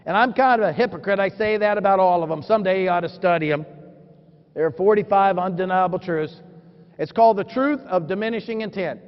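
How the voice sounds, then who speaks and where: A man in his fifties giving a motivational keynote speech, telling stories animatedly and acting out the dialogue with sudden shouts, recorded in a large conference hall. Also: high voice, fairly quick, smooth. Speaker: motivational speaker. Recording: dull sound, long hall reverb.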